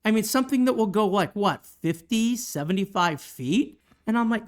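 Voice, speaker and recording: A woman's voice: medium pitch, expressive, normal speed, hardly any pauses. A middle-aged woman, a teacher co-hosting a podcast, telling a funny classroom story in casual chat. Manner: chatty, teasing, puts on voices for quoted people.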